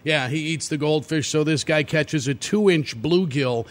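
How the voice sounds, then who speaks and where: A man's voice: on the high side, unhurried. A man on a sports radio show telling a story in a chuckling, folksy way from a temporary studio microphone. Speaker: sports radio guest host. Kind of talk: casual radio banter.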